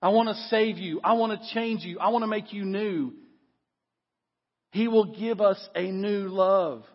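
A middle-aged man preaching a lively sermon in a church, dropping low for effect. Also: unhurried. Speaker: pastor. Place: church sanctuary. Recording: long hall reverb, dull lo-fi sound.

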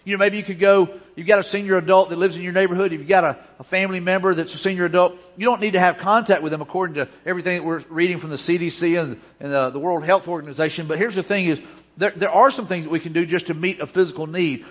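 A man's voice: high-pitched, fairly even intonation, fast talker. A man preaching a sermon as pastor, earnest and repeating his key phrases for emphasis. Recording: dull lo-fi sound with long hall reverb.

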